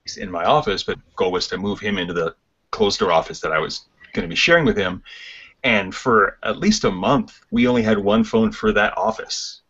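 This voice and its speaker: A man's voice: lowish voice, very animated, brisk, fairly bright tone, husky. A man chatting casually on a podcast, telling wry stories about office life. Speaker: podcast guest, game designer. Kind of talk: casual chat. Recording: muffled lo-fi podcast audio.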